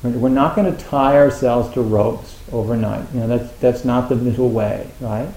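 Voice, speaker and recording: A man's voice: medium pitch, fairly even intonation, moderate pace, dark tone. A man giving an informal Zen talk to retreat students, rambling with many fillers and restarts. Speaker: Zen teacher. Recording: echoey room.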